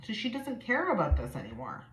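A woman's voice: fairly low pitch, huge pitch swings, brisk. A woman doing a casual, chatty tarot reading to camera, blunt and swearing freely. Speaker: tarot reader. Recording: echoey room with faint noise.

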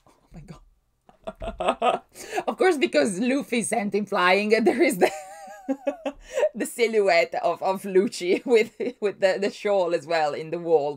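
A woman talking through her reaction to a comic chapter, excitable and thinking aloud, laughing often and restarting her sentences. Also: mid-range voice. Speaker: manga reaction vlogger.

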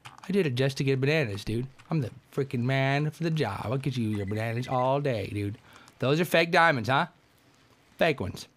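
A young man commentating a game, joking around and yelling when things go wrong. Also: mid-range voice, moderate pace. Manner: joking, excitable, yells at the game. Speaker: gameplay commentator. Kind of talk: let's-play commentary.

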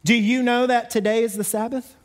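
A pastor preaching a sermon, telling stories and acting out the quotes with lively energy. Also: male voice, extremely high pitch, fairly quick. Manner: animated storytelling, acts out quotes. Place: church sanctuary.

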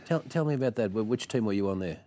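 A man's voice: fairly low pitch, expressive, fast, dark tone. A man hosting a talk show, asking questions with eager, encouraging prompts. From Australia. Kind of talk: interview.

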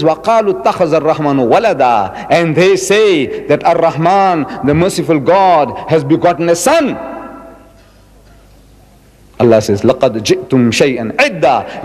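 A man in his seventies giving a religious lecture, emphatic and repeating his key words, drawing out quotations slowly. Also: on the high side, expressive, darkish tone, big-room sound, rough recording. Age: 70s. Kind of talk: public lecture.

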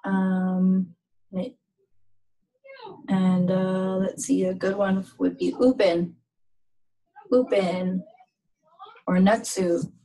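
A woman giving a casual language lesson on pronunciation, speaking slowly and haltingly with many fillers. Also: medium pitch, little pitch movement, dark tone, rough recording. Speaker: language teacher.

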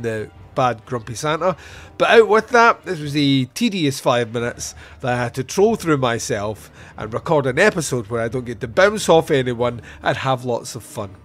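A man hosting a podcast on his own, recapping a film scene in an animated, wry, self-mocking way. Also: on the high side. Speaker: podcast host. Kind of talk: solo film review recap.

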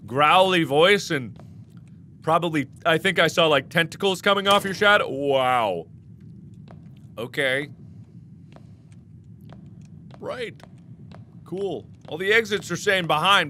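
A man in his thirties hosting a horror game let's play, joking and talking to the game, with sudden loud outbursts. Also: on the high side, animated, unhurried, slight background noise. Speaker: gaming channel host.

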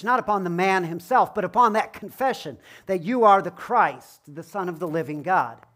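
A man's voice: high voice, lively intonation, normal speed, hardly any pauses, fairly bright tone. A male pastor giving an informal, explanatory sermon, with frequent ums and self-deprecating asides. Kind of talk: conversational sermon.

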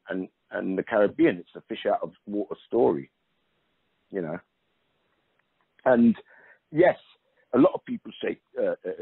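A lowish male voice with a breathy edge comes through a narrow, phone-like line on a dry recording. The middle-aged guest talks emphatically in a casual interview, restarting sentences and dropping "you know" frequently.

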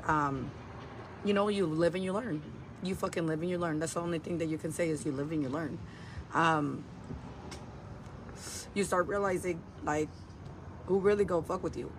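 A woman livestreaming, meandering through her story with lots of fillers and swearing. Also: deep voice. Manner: meandering, heavy fillers and profanity. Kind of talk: rambling livestream talk. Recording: livestream clip with vehicle noise.

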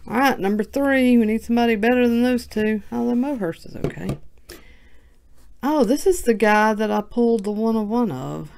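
A woman's voice: a little high, moderate pace, gravelly, a little mellow, slight background noise. A woman hosting her sports card channel, chatting casually and thinking aloud in a self-mocking way as she opens packs. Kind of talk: casual card-opening commentary.

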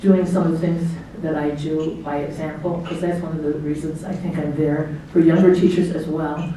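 A middle-aged woman speaks at normal speed in a low, dark voice with a flat delivery, giving a chatty speech as guest of honor at her own party. She laughs often and acts out what people said while telling stories. It was recorded from a distance in an echoey hotel banquet hall, with slight background noise.

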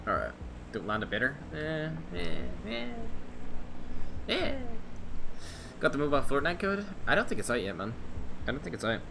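A young man live-streaming a mobile game, chatting casually with slang and quick exclamations while reading his viewers' chat. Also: medium pitch, sing-song, noisy background. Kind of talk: live mobile gameplay commentary.

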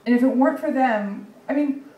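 A young woman from Texas doing a sarcastic, deadpan stand-up set at a comedy club, with plenty of ums and likes. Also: high-pitched, brisk, phone-quality sound. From Dallas, Texas. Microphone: handheld stage mic. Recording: echoey room from far off.

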